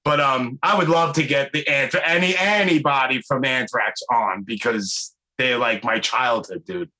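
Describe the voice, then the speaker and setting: A man, hosting a podcast and telling animated stories in casual chat, swearing now and then. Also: mid-range voice, unhurried, poor audio. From New York. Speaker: podcast host.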